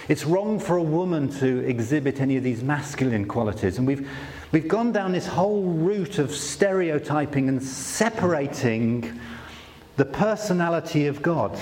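A man speaking at a conference, telling stories in a relaxed, self-deprecating way. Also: on the high side, big-room sound. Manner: conversational, self-deprecating storytelling with many restarts. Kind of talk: sermon-style talk.

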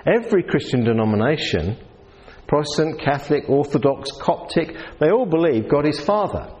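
Lively New Zealand preacher in a hall. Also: male voice, on the high side, normal speed. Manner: conversational, asks the audience questions. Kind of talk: sermon. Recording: reverberant hall.

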